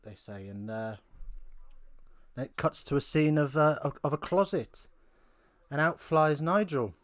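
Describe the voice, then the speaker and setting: A man's voice: on the high side, a little slow, long pauses, no room sound. A man hosting a live rugby watch-along from home, chatting casually with rambling, wry asides.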